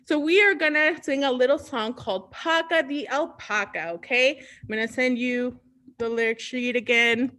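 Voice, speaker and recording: Cheery lady running kids storytime over a video call, sings along, high voice. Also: normal speed, bright, forceful tone, slight background noise. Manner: cheerful, sings along, mixes in Spanish words. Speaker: library storytime host. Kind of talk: children's storytime with songs.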